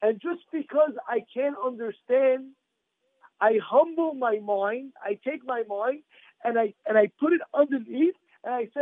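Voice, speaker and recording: A high-voiced man preaches in an animated, repetitive way and acts out the voices in his stories. The recording is dry and narrow, like a phone line. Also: measured pace, no room sound. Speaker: rabbi giving a Torah class. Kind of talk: storytelling sermon.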